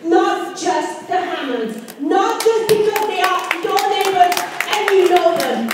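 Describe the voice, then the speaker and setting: Firm high-voiced woman from far off. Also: lively intonation, slow pace, heavy background noise. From Hines, Oregon. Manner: firm, corrective, emphatic repetition. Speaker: local resident speaking at a community meeting. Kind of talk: public comment. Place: large community meeting hall. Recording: echoey hall recorded from far off.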